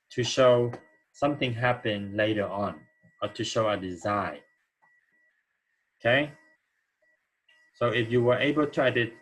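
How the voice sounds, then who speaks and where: Slow, husky-voiced male English teacher. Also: medium pitch, rough recording. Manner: slow, explanatory, checks in with "okay?". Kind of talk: grammar lesson walkthrough.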